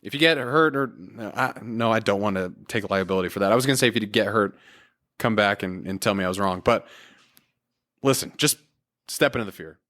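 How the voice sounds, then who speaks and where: A man's voice: lowish voice, brisk, fairly bright tone. A man hosting a solo motivational podcast, talking in an earnest, encouraging and casual way with everyday fillers. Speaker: podcast host.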